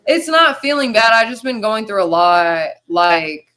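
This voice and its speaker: A woman's voice: medium pitch, sing-song, measured pace, a bit bright, clean tone. A woman hosting a casual online panel chat, defending herself and repeating words when pushed. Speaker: stream host.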